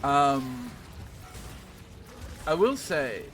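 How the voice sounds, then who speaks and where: A man's voice: medium pitch, sing-song, very slow, fairly bright tone. A man with a New Zealand accent chatting casually on a game stream, rambling with fillers and casual swearing. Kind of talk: casual gaming stream chat. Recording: music playing behind the voice.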